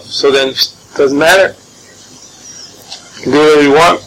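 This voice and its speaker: A man teaching an informal Torah class, animated and joking, sprinkling in Hebrew and Yiddish terms. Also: a little high, moderate pace, long pauses. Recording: noisy room recording.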